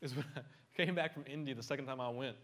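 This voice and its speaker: Middle-aged male pastor, lively casual sermon delivery with humorous asides. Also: medium pitch, fast. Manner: animated, conversational, joking asides.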